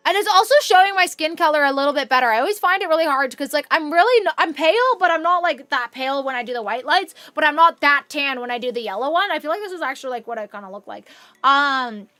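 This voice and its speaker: High, bright, chatty young woman streamer. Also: expressive, fast, no echo, faint music behind. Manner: rambling and chatty, swears casually. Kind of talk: casual chat on a live stream. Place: her room at home.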